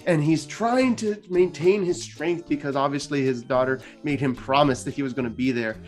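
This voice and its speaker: A man's voice: a little high, moderate pace, faint music behind. A man hosting a gaming channel, retelling a story casually and chattily, with lots of filler words.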